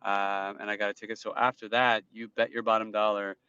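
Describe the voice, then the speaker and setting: Chatty New Jersey man, smooth voice. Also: lowish voice, flat delivery, fairly quick, bright, forceful tone, dry recording. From New Jersey, USA. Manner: rambling, chatty, answering viewer comments. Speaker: livestream host. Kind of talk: casual live-stream chat while driving. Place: inside a car while driving. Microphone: phone in a dashboard stand. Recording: dull lo-fi phone audio in a dry car.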